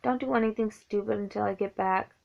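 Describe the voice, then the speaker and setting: A woman's voice: mid-range voice, fairly even intonation, fairly quick, vocal fry, lo-fi sound. A woman reading the lines of a blunt, worried young male soldier in her own plain voice.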